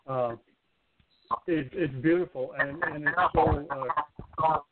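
A man's voice: on the high side, steady tone, takes it slowly, a crowd in the background. A man calling in to a poetry radio show, hesitant and groping for words. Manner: hesitant, full of fillers and restarts. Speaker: caller commenting on a poem. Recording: tinny phone line with faint noise.

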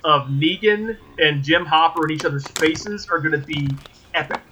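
Male podcast co-host, high bright voice, animated and profane. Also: moderate pace, a little hiss or hum, poor audio. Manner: animated, swearing, stammering restarts. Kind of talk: casual podcast chat.

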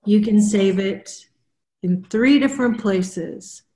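A woman spiritual counselor chatting casually on a group video call, explaining in an unhurried way and often repeating herself. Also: mid-range voice, mellow. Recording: roomy echo.

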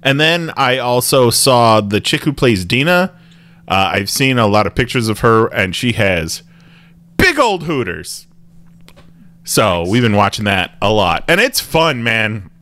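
A man's voice: on the low side, expressive, measured pace, bright, forceful tone. A man hosting a podcast in casual chat, rambling with restarts and laughing often. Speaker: podcast host.

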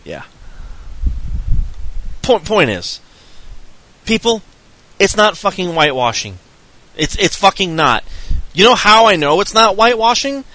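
A man on a podcast launches into a profane, heated rant. His voice is high and bright, and it swings wildly up and down. The sound is dry and close. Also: very animated, a little slow, long pauses, no echo, poor audio. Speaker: podcast co-host.

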